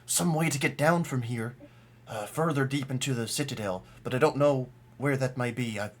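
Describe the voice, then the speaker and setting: A man's voice: medium pitch, moderate pace, lightly acted. A man voicing an old, polite male gnome prisoner who stammers and hesitates a lot. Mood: hesitant.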